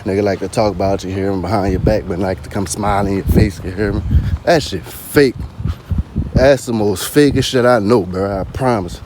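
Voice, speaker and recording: A man's voice: on the low side, moderate pace, noisy background. A man vlogging in a casual spoken monologue, slangy and constantly asking "you hear me".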